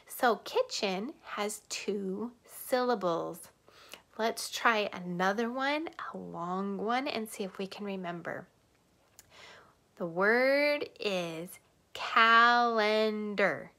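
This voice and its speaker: A woman teacher giving a lesson to young children, sing-song, clapping out words slowly. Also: medium pitch, animated, sharp tone.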